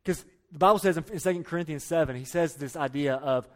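A man preaching a sermon, emphatic, repeating key phrases and dropping to quiet low lines. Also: fast. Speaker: pastor.

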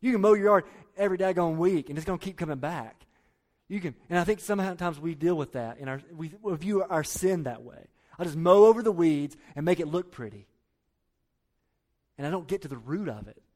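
A man preaching a sermon, emphatic, repeating key phrases and dropping to quiet low lines. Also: expressive, fairly quick. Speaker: pastor.

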